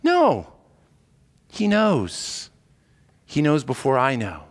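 A man preaching a sermon in a conversational, expressive way, acting out quotes as he goes. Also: medium pitch, moderate pace. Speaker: pastor. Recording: echoey hall reverb.

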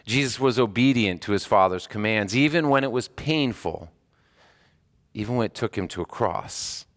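A man's voice: lowish voice, animated, moderate pace, fairly bright tone. A middle-aged man, a hospice chaplain and pastor, preaching a sermon in an earnest way, often repeating words and restarting phrases.

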